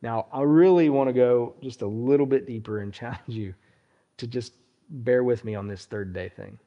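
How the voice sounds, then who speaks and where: A male pastor preaches deliberately, addressing his listeners directly, his voice often sinking low at the ends of phrases. The sound is lo-fi.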